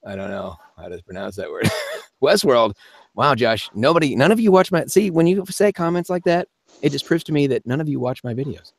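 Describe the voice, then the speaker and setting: A man's voice: medium pitch, big pitch swings, brisk, creaky, no echo. A man hosting a live-stream Q&A as a voice actor, chatting casually and rambling with frequent laughs. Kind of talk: casual live-stream chat answering viewer comments.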